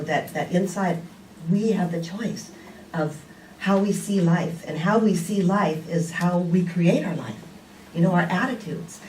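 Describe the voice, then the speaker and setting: A woman's voice: on the low side, darkish tone, slight background noise. Older woman preaching in a roomy hall. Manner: conversational, many "you know"s. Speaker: speaker. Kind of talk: sermon. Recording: roomy, distant with faint background ambience.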